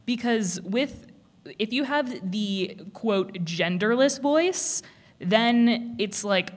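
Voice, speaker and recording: A woman speaking on a panel in a casual discussion, animated, with many restarts and laughs. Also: medium pitch, drawn-out words.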